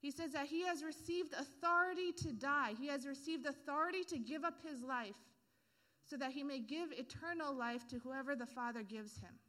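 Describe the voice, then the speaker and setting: A woman's voice: sits high, moderate pace, sharp tone. A woman preacher giving a casual, humorous sermon full of everyday analogies and slang.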